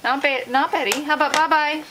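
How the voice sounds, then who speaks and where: Parent at home, very high coaxing baby talk, noisy camcorder sound. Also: female voice, fairly even intonation, a little fast. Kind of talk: home video, talking to a baby. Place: family home indoors. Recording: home camcorder with noticeable background noise.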